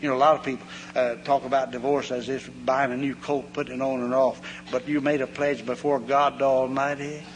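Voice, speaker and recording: He preaches a homespun, folksy sermon in a medium-pitched voice, a little fast and with few pauses, animatedly acting out the voices in his anecdotes. The recording has long hall reverb and a faint hum.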